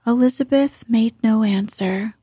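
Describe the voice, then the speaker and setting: A woman narrating a classic novel in a calm, even audiobook reading. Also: fairly high pitch, measured pace, breathy edge, no echo, clean studio sound.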